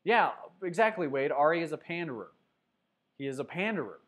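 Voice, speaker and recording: A man with a somewhat high voice hosts a loose sports stream, reading comments from his viewers. He talks casually and teases the chat, with lots of ums and uhs between points. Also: expressive, fairly quick, a bit bright. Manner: chatty, teasing viewers, many fillers. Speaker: sports show host. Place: Denver.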